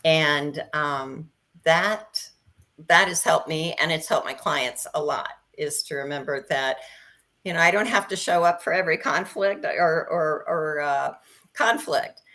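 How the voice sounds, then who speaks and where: A woman guest coach speaking calmly and encouragingly in a casual online chat. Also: deep voice, unhurried.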